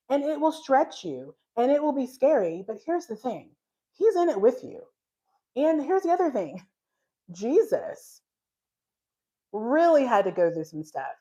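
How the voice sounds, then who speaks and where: Animated woman teaching the Bible. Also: high-pitched, lo-fi sound. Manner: animated storytelling, acting out dialogue with laughs and sighs; frank and self-deprecating.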